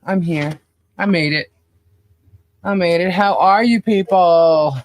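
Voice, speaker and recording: A woman's voice: lowish voice, takes it slowly. A woman co-hosting a casual livestream, chatting and greeting viewers by name with frequent laughs. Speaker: podcast co-host.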